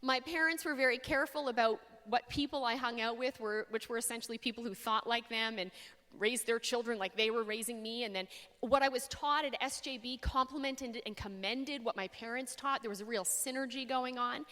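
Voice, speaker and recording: Woman telling a faith story in a hall. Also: on the high side. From Canada. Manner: expressive storyteller, dramatic pauses. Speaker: speaker. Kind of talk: faith talk to an audience. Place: large hall. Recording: long hall reverb.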